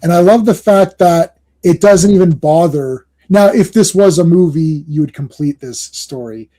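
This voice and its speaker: A man hosting a comic book podcast in casual chat, excitable and rambling, often laughing and restarting his sentences. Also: on the high side, normal speed.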